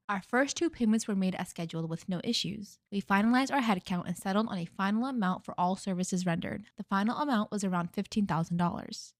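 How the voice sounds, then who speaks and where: A woman reading a forum post aloud in an even, steady manner. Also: medium pitch, dry recording, studio quality.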